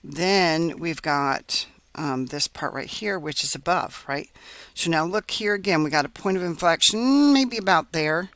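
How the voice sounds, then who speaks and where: A man's voice: on the high side, measured pace, a bit bright, dry recording. Man walking through a math lesson, dry sound. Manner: checks in often with "right?" and "okay?"; explains step by step while drawing on a graph. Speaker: math teacher.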